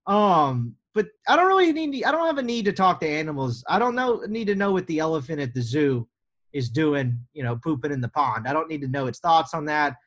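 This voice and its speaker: A man's voice: a little high, animated, brisk, a bit bright. A young American man hosting a sports podcast, rambling and joking through listener questions. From United States. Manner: joking, rambling, self-deprecating. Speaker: podcast host. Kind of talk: casual podcast chat.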